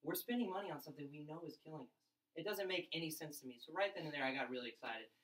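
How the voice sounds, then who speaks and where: A young man telling his story and pitching to a room of college students, excited and fast, acting out other people's lines. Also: roomy sound, distant mic, low-quality recording. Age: young adult. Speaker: event speaker. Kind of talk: energetic pitch talk to a crowd.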